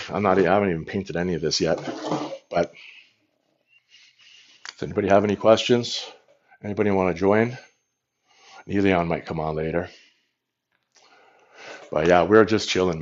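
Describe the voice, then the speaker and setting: A man's voice: low voice, husky, lo-fi sound. A man hosting a casual livestream, rambling frankly and swearing casually into a phone. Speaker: livestream host.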